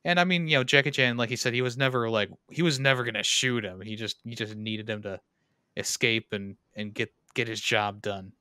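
A man with a bright, forceful tone talks through a film in a loose, rambling way, circling back to restate each point. His voice sits dry and close on the mic, with no room sound around it. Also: mid-range voice, fairly even intonation, a little fast, no echo. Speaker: podcast co-host. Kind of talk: casual movie-discussion chat.

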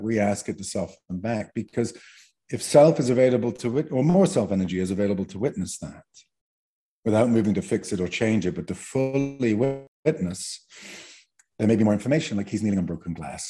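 A man's voice: on the low side, mellow. A man teaching as a podcast guest, explaining in a chatty way and tagging his points with "right?". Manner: explanatory, peppers talk with "right?". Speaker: guest therapist trainer.

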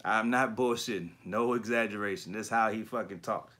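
A man hosting a casual livestream chat about collectibles, talking in slangy, profane bursts and animated storytelling. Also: lowish voice, brisk. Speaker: YouTube collector channel host.

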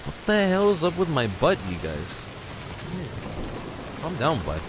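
A young man hosting a let's play, excitedly exclaiming and talking to his viewers from his garage. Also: a little high, a little slow, heavy background noise. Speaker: gaming channel host. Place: home garage.

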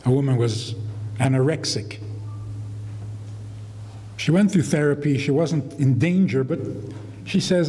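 A man's voice: a little high, a little slow, long pauses, dark tone. A man giving a humorous storytelling lecture to an audience as a rabbi, wry and laughing at his own anecdotes. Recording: long reverb of a hall.

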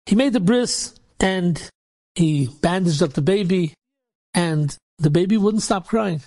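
A man's voice: high-pitched, unhurried, a little mellow. Rabbi telling a story, man. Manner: casual, repetitive retelling peppered with Yiddish and Hebrew words.

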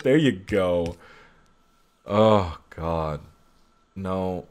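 A man's voice: fairly low pitch, a little slow, a little mellow. A young man casually commentating his own gameplay, frustrated and muttering at himself about his mistakes. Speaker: gaming channel host. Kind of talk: casual let's play commentary.

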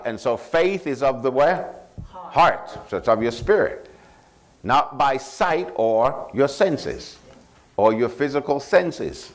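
A male pastor preaching a sermon, prompting the congregation to finish his phrases and repeating scripture references slowly for emphasis. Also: on the low side. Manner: call-and-response, asking the congregation to finish his lines.

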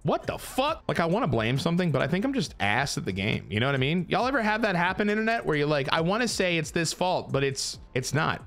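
A man's voice: a little high, sing-song, fast, hardly any pauses, fairly bright tone, soft background music. A young man giving casual, self-mocking commentary while playing a football video game, swearing often. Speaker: gaming YouTuber.

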